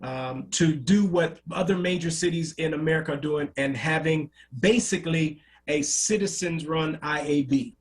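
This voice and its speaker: Folksy preacher calling into a radio show. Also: male voice, fairly high pitch, normal speed, hardly any pauses. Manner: folksy, emphatic, some restarts. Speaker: pastor, radio guest. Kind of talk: phone-in interview. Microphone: phone line.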